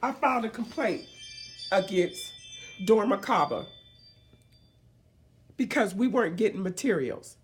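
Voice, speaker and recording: A woman's voice: mid-range voice, animated, normal speed, long pauses. A middle-aged woman and small business owner giving an emotional, emphatic public speech, repeating phrases for force. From United States. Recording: roomy echo, speaker far from the mic.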